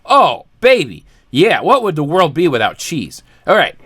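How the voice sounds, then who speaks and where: Man ranting with wild swings of pitch. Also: wildly swooping pitch, a little slow, a bit bright, husky. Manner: exaggerated, mock-preachy, laughing often. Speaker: podcast host. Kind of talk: comedic rant.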